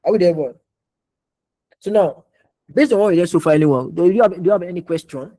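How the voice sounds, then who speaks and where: Male online instructor, rapid, looping delivery, dark and husky tone. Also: high-pitched, low-quality recording. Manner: repetitive, restarts often, quizzing students. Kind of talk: online class teaching. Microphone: video call.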